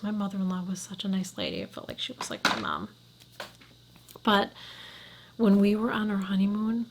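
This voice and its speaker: A woman's voice: mid-range voice, normal speed, creaky, a little hiss or hum. A middle-aged woman chatting frankly to camera as a beauty vlogger, often sinking to a near whisper. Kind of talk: casual chat to camera.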